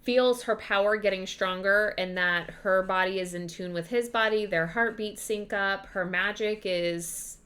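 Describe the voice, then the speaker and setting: A woman's voice: mid-range voice, unhurried, few pauses, a bit bright. A young woman hosting a podcast recaps a novel in a loose, chatty way. She rambles and fills her sentences with casual fillers, with a mid-range voice. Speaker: podcast host.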